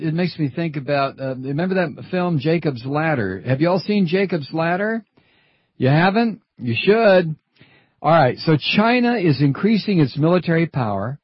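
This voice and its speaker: A man's voice: a little high, breathy edge, no echo, highs cut off. A middle-aged man hosting a radio talk show, rambling and wry, digressing between topics. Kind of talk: casual talk radio chat. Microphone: studio microphone.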